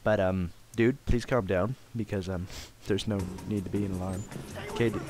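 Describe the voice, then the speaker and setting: A young man giving joking let's play commentary, swearing often and bursting into shouts. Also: low voice, fairly even intonation, normal speed, faint music behind. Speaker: gamer.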